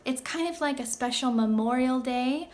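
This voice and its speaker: Woman teacher, higher voice, playful sing-song talk for little kids. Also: normal speed, a little mellow. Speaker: elementary school teacher. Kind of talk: recorded class recap for young children.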